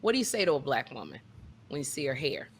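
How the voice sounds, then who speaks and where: A woman's voice: extremely low pitch, wildly swooping pitch, quick pace, husky. A middle-aged woman co-hosting a comedy chat show, teasing and lecturing her producer. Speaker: podcast co-host.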